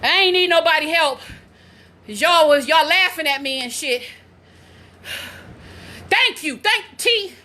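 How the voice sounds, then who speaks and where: High, lively woman in her forties. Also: takes it slowly, pauses often. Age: 40s. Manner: excitable, loud exclamations, laughing and cursing. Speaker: vlogger and mother. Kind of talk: casual vlog. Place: at home, indoors.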